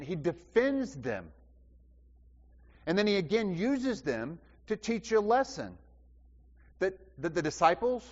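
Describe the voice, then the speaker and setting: A man preaching a sermon, asking the congregation questions and repeating phrases for emphasis. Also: a little high. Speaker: pastor. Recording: dull sound with long hall reverb.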